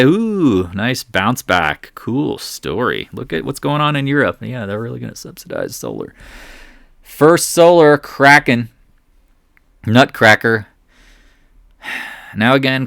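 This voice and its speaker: A man's voice: mid-range voice, gravelly, a bit bright, no room sound. Male market commentator, sarcastic chart talk, dry close sound. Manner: sarcastic, mutters asides to the charts.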